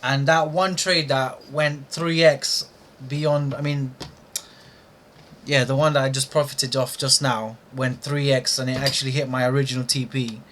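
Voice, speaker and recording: A man's voice: mid-range voice, flat delivery, unhurried, fairly bright tone, a little hiss or hum. A young man commenting on his own live trading session, frustrated and scolding himself aloud over a missed trade.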